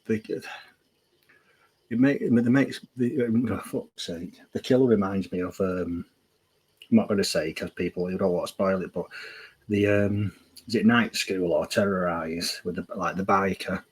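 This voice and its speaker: A man with a lowish, husky voice chats loosely on a podcast. He swears a lot and trails off while hunting for words. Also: normal speed, rough recording. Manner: sweary, rambling, loses his train of thought. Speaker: podcast co-host. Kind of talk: casual chat.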